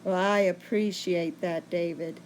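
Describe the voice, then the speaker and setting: A woman's voice: lowish voice, fairly even intonation, a little slow, slight background noise. A woman hosting a casual livestream, chatting and answering viewer comments. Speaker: livestream host.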